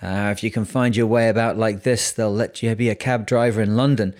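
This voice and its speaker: A man reading the lines of a testy, grumbling old sea captain in his sixties with a gruff, growling voice. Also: on the low side, fairly even intonation, brisk, a little mellow, natural voice. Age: 60s. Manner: bitter, grumbling. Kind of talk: audiobook character voice.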